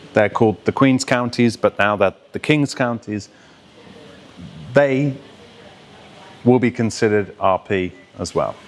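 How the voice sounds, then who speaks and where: A man from the West Midlands, a voice coach who speaks with a Received Pronunciation accent and explains sounds in an animated way, demonstrating them as he goes. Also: medium pitch. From West Midlands of England. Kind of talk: explanatory talk to camera.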